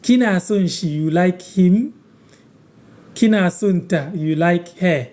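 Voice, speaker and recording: Mellow-voiced Ghanaian man teaching words. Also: high voice. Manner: patient, repeats words slowly to teach. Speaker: host teaching language on a live stream. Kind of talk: live-stream language lesson, answering viewers.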